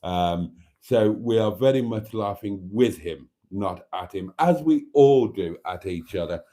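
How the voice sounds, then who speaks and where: A man's voice: on the low side, expressive, measured pace, warm tone. A Welsh man hosting a casual livestream in a theatrical, camp, chatty manner, reading out viewers' comments. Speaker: livestream host. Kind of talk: casual live chat.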